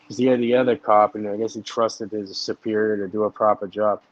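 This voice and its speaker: A man's voice: on the low side, level tone, brisk, lo-fi sound. A man in a casual chat, telling stories loosely with constant swearing and filler words. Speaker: chat partner.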